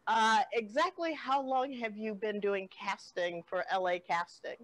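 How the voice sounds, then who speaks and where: Brief: woman improv host, mid pitch, wry, laughs easily. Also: a bit bright, poor audio. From Los Angeles. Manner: laughing, wry, quick comebacks. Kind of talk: improvised comedy scene.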